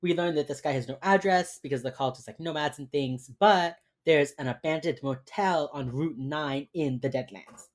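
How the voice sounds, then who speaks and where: A woman's voice: low-pitched, moderate pace. A woman co-hosting a podcast, chattily retelling a TV episode with lots of fillers. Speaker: podcast co-host. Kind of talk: casual chat recapping a TV episode.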